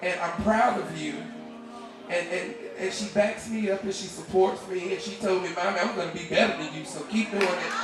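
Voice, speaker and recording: A woman in her thirties, a singer and bandleader, speaking from the stage in a heartfelt, halting way and choked up with emotion. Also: mid-range voice. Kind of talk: stage talk at a live concert. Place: bar stage with a live audience. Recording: echoey live club recording from far off, loud band and crowd.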